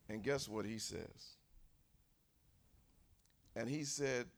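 A man preaching a sermon in a church, acting out angry quotes and shouting at the peaks. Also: medium pitch, big pitch swings, slow pace, pauses often.

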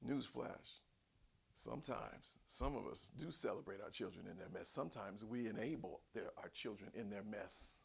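A man preaching a sermon in a folksy, conversational way, swinging between low asides and shouted cries. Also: moderate pace, gravelly, slightly rough. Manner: folksy, conversational, acts out voices. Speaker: pastor.

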